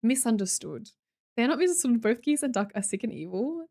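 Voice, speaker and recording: A young Australian woman streams a casual chat with live viewers, reading their comments aloud and joking around in a teasing, chatty way. Her voice is fairly high, expressive, and mellow, and she talks fast.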